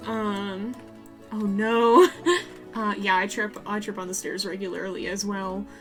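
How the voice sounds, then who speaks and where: A woman with a Southern US accent streams a building game, chatting and rambling straight to her viewers and laughing easily. Her voice is medium-pitched, with faint music behind it.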